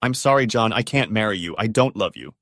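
A man voicing a tearful middle-aged bride backing out of her wedding, read in a flat, even way. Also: on the low side, fairly quick, dry recording, clean studio sound.

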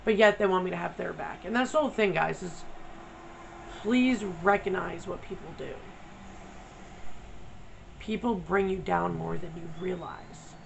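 A woman's voice: lowish voice, unhurried, creaky, long pauses, slight background noise, poor audio. A woman vlogger talking candidly, blunt and profane, venting her frustration. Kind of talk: candid personal vlog.

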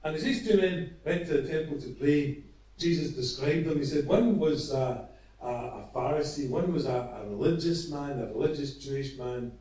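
A male preacher tells a parable in an earnest, halting sermon. His voice sits a little high but sounds mellow. It reaches the mic from a distance, with heavy echo all around. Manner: earnest, storytelling, with halting restarts. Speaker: evangelist preacher. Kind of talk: evangelistic sermon. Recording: echoey, from far off.

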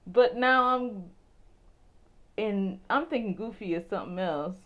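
A woman from Brooklyn, telling a story to her viewers in a casual, animated way, laughing often and acting out voices. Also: mid-range voice, a little slow, dull audio. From Brooklyn, New York. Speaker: vlogger.

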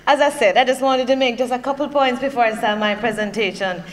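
A woman's voice: a little high, steady tone, fairly quick. A woman from Jamaica with a Jamaican accent, giving a conversational conference speech as a workshop presenter, with humorous personal asides. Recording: long hall reverb, faint hum.

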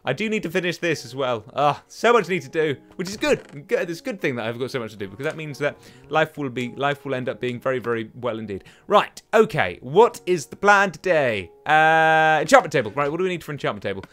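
Lively rambling young man gaming. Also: fairly high pitch, brisk. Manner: rambling, talks to himself and taunts enemies. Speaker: gaming channel host. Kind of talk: let's play commentary. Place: at home. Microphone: desk microphone.

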